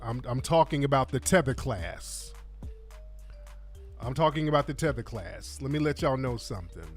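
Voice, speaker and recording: A man's voice: medium pitch, expressive, moderate pace, soft background music. A man hosting a radio show, giving blunt, slangy commentary. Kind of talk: commentary over played clips.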